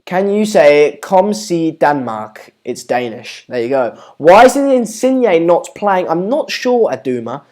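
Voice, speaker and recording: A man's voice: high voice, big pitch swings, a little slow, hardly any pauses, darkish tone. Chatty British man hosting a stream. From Britain. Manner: chatty, reads out viewer comments with many ums. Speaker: livestream host. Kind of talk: casual football watchalong chat. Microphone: home streaming setup.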